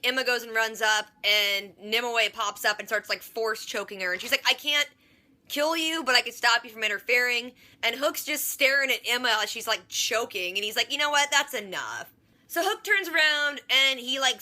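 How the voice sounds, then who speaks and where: Woman vlogger, TV recap; sarcastic, rambling, lots of "like"; sharp bright tone. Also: fairly high pitch. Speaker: TV reaction vlogger. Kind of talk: casual TV episode recap.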